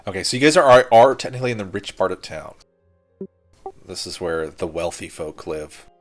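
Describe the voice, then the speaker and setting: A man's voice: low voice, animated, normal speed, faint music behind. A man narrating as game master in a tabletop game, casual and full of fillers.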